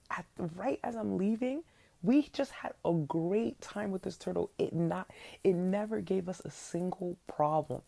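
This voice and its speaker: Low gravelly woman telling a story. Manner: animated, conversational, acts out her younger self. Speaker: podcast host. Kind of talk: casual storytelling.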